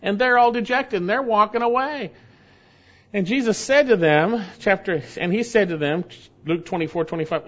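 A man with a fairly high voice preaches a Bible-teaching sermon, hammering home key phrases by repeating them. He slows right down to stress a point, then rattles off quick asides. The recording sounds dull and lo-fi. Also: fairly bright tone. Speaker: pastor. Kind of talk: expository sermon.

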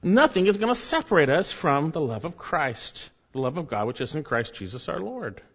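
A man's voice: fairly high pitch, sing-song, moderate pace, a bit bright, slightly rough. A man preaching a sermon as pastor, earnest, with rising emphasis and asides to the congregation. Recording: dull, hall reverb.

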